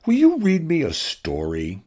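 A man doing a soft young robot drone. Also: on the high side, wildly swooping pitch, a little slow, husky, voice pushed up, exaggerated voice. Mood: gentle. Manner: soft, quiet and eager.

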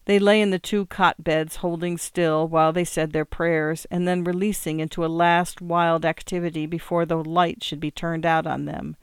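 Smooth, dry audiobook narration. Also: mid-range voice, little pitch movement, moderate pace, hardly any pauses, no room sound. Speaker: audiobook reader. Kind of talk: scripted narration of a novel.

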